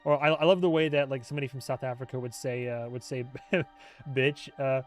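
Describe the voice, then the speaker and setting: A man's voice: mid-range voice, faint music behind. Rambling, joking livestream host man. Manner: rambling, joking, quick to laugh. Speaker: YouTube host, TV show reviewer. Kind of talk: casual livestream chat.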